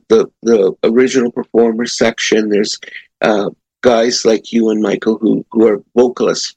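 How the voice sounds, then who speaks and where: A man hosting a music interview show, chatting in an easygoing, halting way. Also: medium pitch, gravelly, a little mellow, breathy edge, no room sound. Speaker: radio show host. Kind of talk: casual interview chat.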